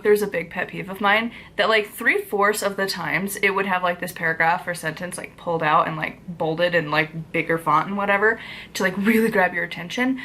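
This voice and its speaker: A woman's voice: medium pitch, bright, forceful tone. A woman giving a casual book review as a vlog host, ranting with exasperation, saying "like" constantly and swearing freely. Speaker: book reviewer and witchcraft author.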